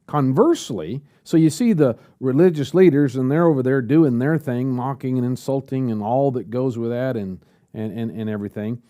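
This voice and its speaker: A man's voice: medium pitch, moderate pace, warm tone. A man preaching a sermon at a church service, asking the congregation rhetorical questions.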